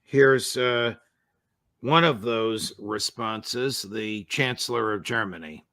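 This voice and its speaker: A man hosts an interview, his voice gravelly with a bright edge. He frames questions in a measured, formal manner, and the sound is close and dry with no room around it. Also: lowish voice, no echo. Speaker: show host.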